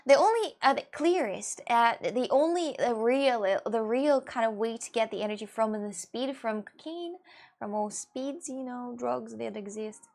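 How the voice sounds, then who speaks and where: High-voiced woman chatting to viewers. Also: moderate pace, vocal fry, a little mellow. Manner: rambling, restarts, swings into mock outbursts. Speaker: live streamer. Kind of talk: casual chat with viewers.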